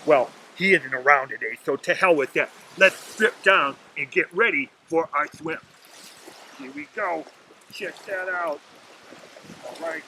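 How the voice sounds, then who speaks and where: A man's voice: high voice, bright, forceful tone, a little hiss or hum, low-quality recording. A man chatting casually into his laptop on a lakeshore beach, rambling through a story and his day. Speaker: vlogger. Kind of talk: casual outdoor video diary. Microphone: laptop webcam.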